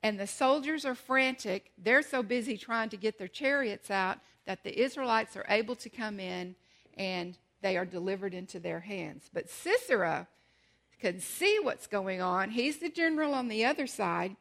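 A woman teaching a Bible lesson in animated storytelling style, slowing down for emphasis and asking rhetorical questions. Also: medium pitch, creaky.

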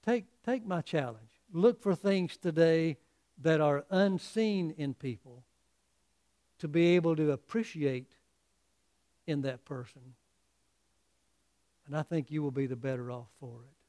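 A man preaching a sermon in an earnest, halting way, often repeating words as he restarts. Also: a little high, warm tone.

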